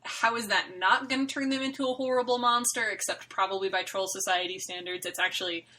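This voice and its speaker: A woman co-hosting a podcast chats casually about a webcomic, animated and emphatic, with lots of fillers. Her mid-range voice is fairly quick, and the low-quality recording has a little hiss or hum.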